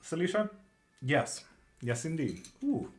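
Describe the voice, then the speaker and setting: A man's voice: a little high, very animated, slow pace, soft background music. A man from Sweden reading tarot on a live stream, answering viewers' questions in a loose, casual way, swearing now and then. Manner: swears casually, laughs often. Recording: clear background noise with keyboard clicks.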